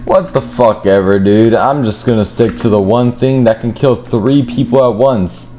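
A young man giving gameplay commentary, swearing and shouting in frustrated outbursts, with game music and keyboard typing behind him. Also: mid-range voice, moderate pace. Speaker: gaming streamer.

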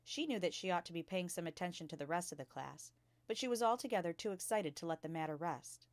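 A woman's voice: lowish voice, brisk, no echo. Woman reading a storybook aloud. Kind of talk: reading a children's book aloud.

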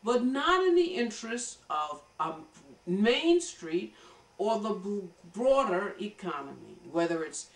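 A woman's voice: mid-range voice, sing-song, slow. An American woman giving an emphatic political commentary monologue, lecturing and addressing her viewers directly. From United States. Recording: roomy echo, voice from a distance.

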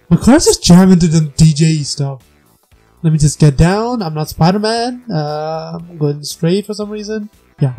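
Casual gaming commentator, mid-pitched and mellow, mocks themself, squeals when surprised. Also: moderate pace, faint music behind. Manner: self-mocking, laughing, squeals in high pitch when surprised; scats beatbox sounds along with the game. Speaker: gamer and channel host.

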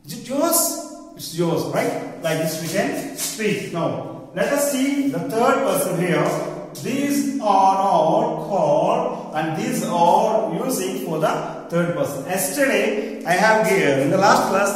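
A male school teacher with a Telugu accent explaining English grammar to a class, slowly and repetitively, often checking "right?". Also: sits high, expressive, faint music behind. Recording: distant, echoey classroom with long reverb.

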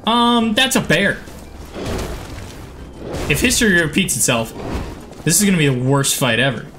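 A man giving gameplay commentary, excitable, yelping and swearing at the game. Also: a little high, normal speed, over music. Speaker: gaming channel host.

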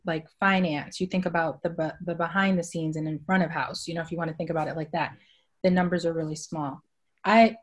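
Boston woman in her 40s, lowish voice, animated storyteller on a panel. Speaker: diversity and inclusion leader. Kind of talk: panel discussion.

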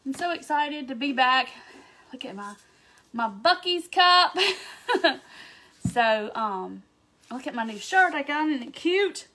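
A cheerful woman hosts a live craft stream. Her voice sits notably high, and her blocked sinuses give it a stuffy, congested sound. She chats in a bubbly, excitable way and greets her viewers by name. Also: takes it slowly, pauses often. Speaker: craft livestream host. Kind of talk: casual livestream chat greeting viewers.

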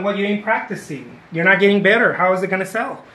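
Talking fast in a sharp, high-pitched voice, a man leads a live painting lesson. He's chatty and encouraging, goes over his points again, and often throws in "okay?", with roomy echo around him.

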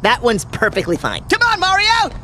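An actor voicing a tiny excitable male mushroom creature in an animated film, yelling frantically in a high voice. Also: moderate pace, background noise. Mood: panicked, cheery.

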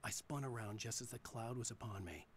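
An actor playing a brooding male writer who narrates his own nightmare in a grim, measured game voice-over, sometimes hushed. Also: medium pitch, vocal fry, a little hiss or hum, close to an everyday voice. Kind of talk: scripted noir game narration.

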